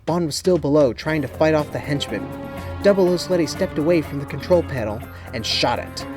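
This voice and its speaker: A man reading a children's spy story aloud in steady, even scripted narration. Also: a little high, a little fast, music in the background. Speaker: audiobook narrator.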